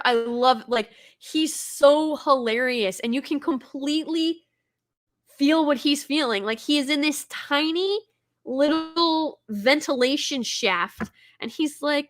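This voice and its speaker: A woman's voice: high voice, a bit bright. A woman chatting enthusiastically about a favorite movie, full of fillers and restarts. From Texas. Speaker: host. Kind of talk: casual movie commentary.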